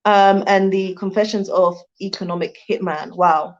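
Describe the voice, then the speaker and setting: A woman's voice: medium pitch, fairly even intonation, a little slow, lo-fi sound. A Jamaican-born woman hosting a casual livestream from home, reading out viewer comments and laughing often. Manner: chatty, laughs often, thanks viewers warmly. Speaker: livestream host. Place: home in Rwanda.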